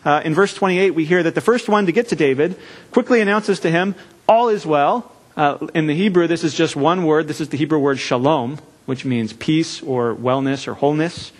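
Earnest preaching man, measured pauses. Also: fairly high pitch. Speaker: pastor. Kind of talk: sermon. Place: church.

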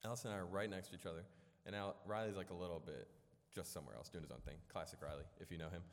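A man's voice: sits low, racing. A young man from Illinois giving a storytelling sermon in a church hall, casual and rambling with lots of fillers and self-deprecating jokes. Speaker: preacher. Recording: echoey hall with long reverb.

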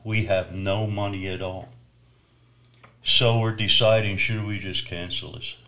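A man telling his personal testimony story, swinging from loud emphasis to hushed near-whispers. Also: lowish voice, fairly even intonation, measured pace.

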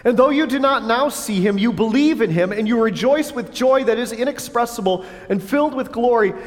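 A man preaches with a strikingly high voice, earnest and questioning, slipping into the voices of the people he quotes. His words ring out with a long reverb through a church hall. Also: fairly quick. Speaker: pastor. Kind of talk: sermon.

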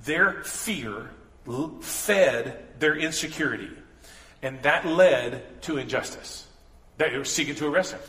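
Pastor, man, bright forceful voice, casual preaching style, echoey church hall. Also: on the high side. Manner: conversational preaching with asides and restarts. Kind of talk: sermon. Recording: echoey hall with long reverb.

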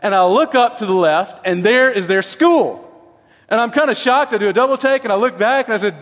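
A man with a high-pitched voice delivers a sermon in a chatty, conversational way, often tossing in quick tag questions to his listeners. His voice rings out with a long reverb, as if in a large church sanctuary. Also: lively intonation, fairly bright tone. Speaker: preacher.

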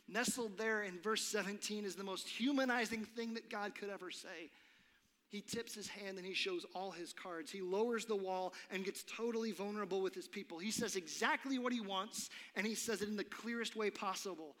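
A man preaching a sermon, dramatic and earnest, dropping his voice low for effect. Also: normal speed, fairly bright tone. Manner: dramatic, drops to a whisper for effect. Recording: long reverb of a large hall.

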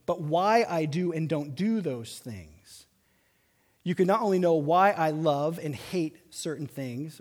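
A man preaching a sermon as pastor, animated, slowing down to stress his points. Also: fairly high pitch. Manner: animated preaching with slow emphatic stretches. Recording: long reverb of a large hall.

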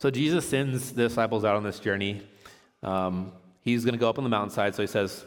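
Speaking on the low side and fairly quickly, a man delivers an informal sermon, reading passages of scripture and joking and laughing as he teaches. His manner is relaxed and chatty, with long hall reverb on the recording.

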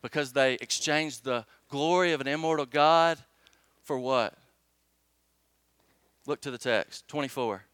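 A man's voice: medium pitch, measured pace, long pauses, fairly bright tone, smooth, no room sound. A man preaching a sermon, reading scripture emphatically and asking the congregation rhetorical questions. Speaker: pastor.

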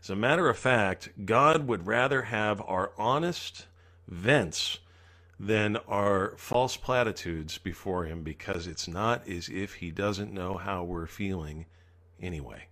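A man's voice: lowish voice, slow pace, pushed and bright. A man preaching a sermon as pastor, earnestly acting out the psalmist's pleas.

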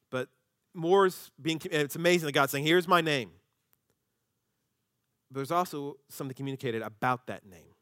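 In a dry, studio-quality recording, a pastor with a mid-range voice delivers a conversational, humorous sermon. He's animated, changing his voice whenever he acts out quotes.

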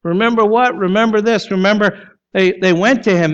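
A pastor preaches with emphasis, his fairly high male voice firing off rhetorical questions and then sinking low and soft to drive a point home. The sermon recording is dull and a little lo-fi. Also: normal speed, smooth.

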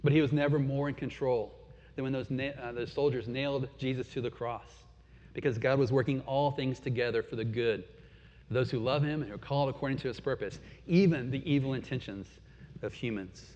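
A man's voice: mid-range voice, fairly even intonation, fairly quick, a little mellow. A man in his forties preaching a sermon as pastor, earnest, swelling and dropping in force. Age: 40s. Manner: earnest, rising and falling in force. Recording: dull sound with long hall reverb.

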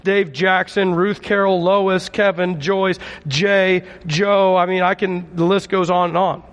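A man's voice: high-pitched, steady tone, measured pace, fairly bright tone, in a large hall. A male pastor preaching a conversational sermon and calling on his congregation for responses. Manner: conversational, calls for audience response.

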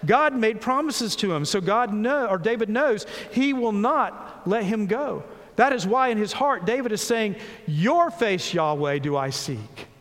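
A man preaching a sermon, reading scripture slowly and earnestly, dropping low and soft between rising pleas. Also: long reverb tail. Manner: earnest, slows and rises on scripture, drops low and soft on pauses.

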